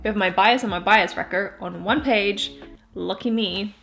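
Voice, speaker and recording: A woman's voice: medium pitch, normal speed, vocal fry, a bit bright, soft background music. A woman in her twenties, chatty and giggly, talking casually through a collection with joking asides. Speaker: vlogger. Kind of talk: casual album walkthrough.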